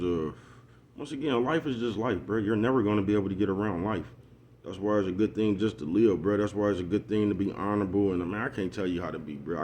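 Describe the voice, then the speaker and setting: A man with a low, darkish voice and a bit of hiss or hum vlogs a casual motivational monologue. He rambles and repeats himself in street slang, constantly asking "you know what I'm talking about."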